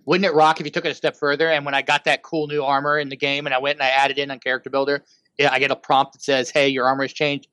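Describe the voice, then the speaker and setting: A man's voice: fairly high pitch, level tone, fast, fairly bright tone, clear, resonant tone, no room sound. Enthusiastic man, close and dry. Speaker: panel guest. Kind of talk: casual panel discussion.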